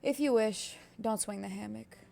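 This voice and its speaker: A woman reading the lines of a withdrawn young wife from a classic novel, in a soft, wistful way with a gravelly voice. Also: medium pitch, moderate pace, a little hiss or hum. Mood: aloof. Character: languid withdrawn young wife, quietly stubborn.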